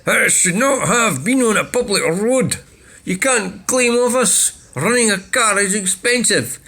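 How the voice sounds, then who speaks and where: A man's voice: sits high, unhurried, sharp tone, pitched above the performer's own voice, full character voice. A man voicing a smug, lecturing male online commenter with a put-on Scottish accent. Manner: lecturing, condescending.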